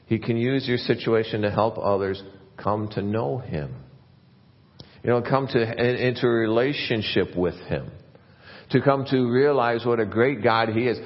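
A man preaching a sermon as pastor, earnest, his voice rising and growing louder when he stresses a point. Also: mid-range voice, moderate pace, in a large hall, dull audio.

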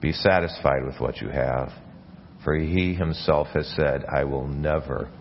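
A man's voice: rumbling low, steady tone, a little slow, muffled recording, slight background noise. A man preaching a sermon as a pastor, earnest, often restarting and repeating words mid-phrase. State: coughing, something in his mouth. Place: church.

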